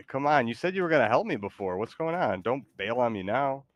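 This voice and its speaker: A man's voice: mid-range voice, lively intonation, normal speed, no room sound, muffled recording. A man streaming a game, talking in a laid-back, hesitant, joking way to his AI sidekick. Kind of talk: casual gaming stream chat.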